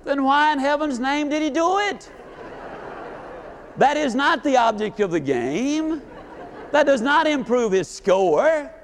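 A man giving a live motivational speech, folksy and animated, acting out quotes as he tells stories. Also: very high-pitched, slow, long pauses, a faint crowd, slight background noise. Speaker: motivational speaker.

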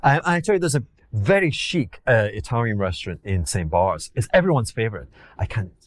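A man with a Scottish accent tells war stories in an animated, theatrical way, acting out other people's lines and poking fun at himself. His voice rises and falls widely as he talks. The sound is dry and close to the mic. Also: on the low side, a little fast, no echo. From Glasgow, Scotland. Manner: theatrical, acts out quotes, self-mocking. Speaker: podcast guest, former hedge fund manager. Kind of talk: animated anecdotal storytelling.

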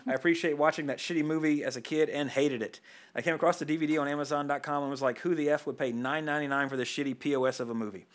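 A man hosting a casual podcast chat, joking and animated. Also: fairly high pitch. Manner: animated, joking, talks quickly. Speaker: podcast host.

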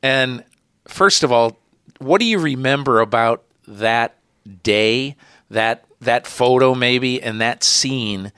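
A male podcast host interviewing a guest, telling anecdotes with lively energy and some hesitant restarts. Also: medium pitch, slow, clean tone, no room sound, clean studio sound. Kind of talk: conversational interview.

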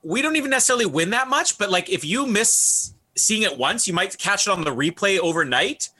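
A man co-hosting a podcast, chatting casually in an animated, laughing way. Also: high voice, fairly quick. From Canada. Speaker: podcast co-host. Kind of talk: casual chat.

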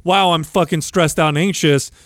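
Reassuring man with a slightly high voice. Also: steady tone, normal speed, dry recording, clean studio sound. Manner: reassuring, encouraging, emphatic. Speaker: podcast host. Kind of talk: candid podcast conversation.

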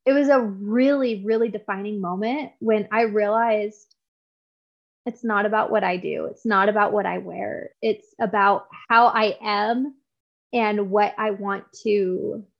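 A woman's voice: mid-range voice, steady tone, measured pace, vocal fry, muffled recording. A woman guest on an interview podcast, talking in an earnest, heartfelt way and often restarting her sentences. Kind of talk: conversational interview.

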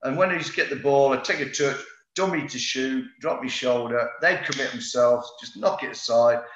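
Chatty ex-footballer telling stories. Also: male voice, medium pitch, moderate pace, fairly bright tone, slight background noise. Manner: rambling anecdotes, many fillers and restarts. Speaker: former footballer guest. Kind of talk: casual interview storytelling. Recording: roomy, slightly dull sound.

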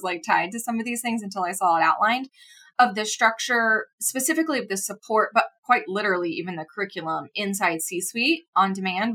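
Bright, animated woman podcast co-host. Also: mid-range voice. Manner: animated storyteller, swoops up for quoted voices. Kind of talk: casual chat.

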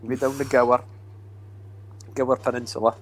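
A man's voice: mid-range voice, little pitch movement, moderate pace, slight background noise. A middle-aged Scottish man hosting a podcast, chatting casually over drinks and rambling through stories with easy laughter. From Scotland. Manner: chatty, rambling storyteller who laughs easily. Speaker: podcast host, former footballer.

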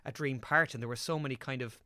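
A man of twenty-seven, an actor chatting as a podcast guest and telling animated stories, swearing casually. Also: mid-range voice, fast, dry recording, clean studio sound.

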